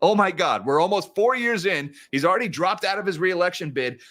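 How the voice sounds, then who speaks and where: A financial commentary host runs a casual livestream about the markets, chatty and prone to sarcastic remarks. His voice is high-pitched and a bit bright, with animated, brisk delivery.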